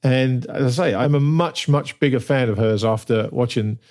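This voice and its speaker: A man's voice: medium pitch, moderate pace, darkish tone. A man co-hosting a casual talk show, emphatic and arguing his points step by step, often checking in with "right?". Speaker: podcast co-host. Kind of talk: casual chat.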